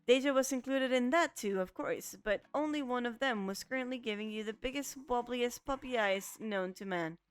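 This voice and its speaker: A woman's voice: on the high side, moderate pace, hardly any pauses, clean tone. A woman streaming a visual novel, reading its narration aloud and often stumbling and restarting over the words. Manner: reads with frequent stumbles and restarts. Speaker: let's play streamer.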